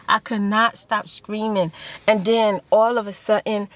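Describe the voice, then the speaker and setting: A woman's voice: fairly high pitch, steady tone, measured pace, a bit bright. A woman casually telling an emotional personal story, repeating phrases and acting out voices. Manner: emotional, repeats phrases, acts out screams and quotes. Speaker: ASMR vlogger.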